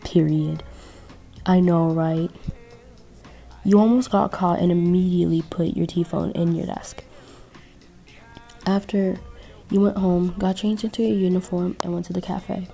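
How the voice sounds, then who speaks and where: A woman's voice: fairly low pitch, steady tone, a little slow, vocal fry, long pauses, mellow, faint music behind. A woman narrating a casual fan-fiction story, chatty and rambling, often correcting herself.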